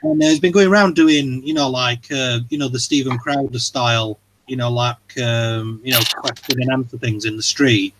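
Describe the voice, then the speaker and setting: A man's voice: mid-range voice, fairly even intonation, moderate pace, hardly any pauses, fairly bright tone, slight background noise, poor audio. A man hosting a casual livestream chat, talking in a rambling, hesitant way with lots of fillers and swearing. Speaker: livestream host.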